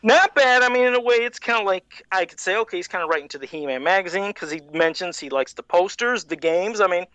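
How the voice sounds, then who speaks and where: High, animated man reading fan letters. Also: fast talker, hardly any pauses, clear, resonant tone, no echo. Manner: animated, laughs often, jumps in pitch when joking. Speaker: podcast co-host. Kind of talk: casual chat reading fan letters aloud.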